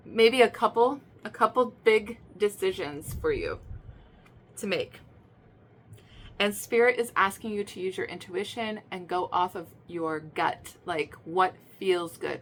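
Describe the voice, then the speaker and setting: A woman's voice: mid-range voice, slight background noise. Chatty woman doing a tarot reading. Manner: chatty, repeats herself, many fillers and restarts; emphatic, swings to loud excited bursts. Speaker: tarot reader. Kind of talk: casual spoken tarot reading.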